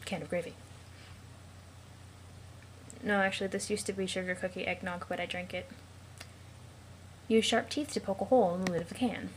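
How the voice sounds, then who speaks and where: A woman's voice: mid-range voice, steady tone, moderate pace, long pauses, poor audio. Casual female host reading comic text, mock-dramatic, jokey asides, light background noise. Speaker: let's play host reading a web comic.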